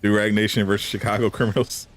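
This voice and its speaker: A man's voice: on the low side, flat delivery, quick pace. A man chatting casually on a live stream, answering viewers with teasing banter and frequent laughs. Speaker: gaming streamer.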